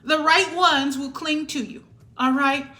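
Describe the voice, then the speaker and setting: This tarot reader's voice sits high, with fairly even intonation and a slightly slow pace, as she delivers a spiritual reading to viewers. She stays emphatic and sassy, repeatedly asking "all right?", over background noise.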